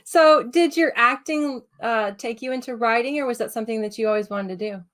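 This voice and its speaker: A woman's voice: a little high, brisk. Woman hosting a podcast interview. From American South. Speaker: podcast host. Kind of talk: casual interview.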